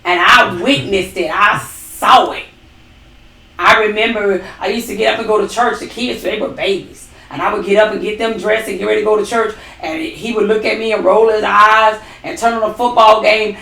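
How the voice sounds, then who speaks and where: A woman's voice: medium pitch, steady tone, moderate pace, vocal fry, sharp tone, recorded from a distance. Emphatic preaching woman in an echoey room. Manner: emphatic, preacherly, with dramatic quoted asides. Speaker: ministry co-host. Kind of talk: testimony-style faith talk. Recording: echoey room, away from the mic.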